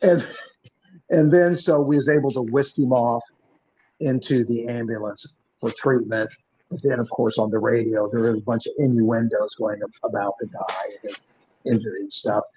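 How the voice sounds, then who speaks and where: A male podcast host and former police officer telling a story in an animated, punchy way, acting out the dialogue. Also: medium pitch, moderate pace, a little hiss or hum. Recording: muffled lo-fi recording.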